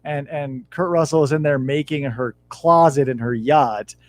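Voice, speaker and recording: A man in his thirties with a slightly high voice hosts a podcast, speaking at an ordinary pace. His casual storytelling is animated and full of swearing.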